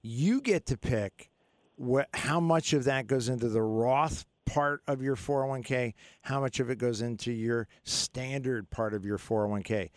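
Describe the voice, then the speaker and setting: A man's voice: medium pitch, a little slow, dry recording, clean studio sound. A middle-aged man hosting a call-in radio show about money, talking in a rambling, joking way with many fillers and restarts. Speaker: radio finance show host. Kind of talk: casual call-in radio talk.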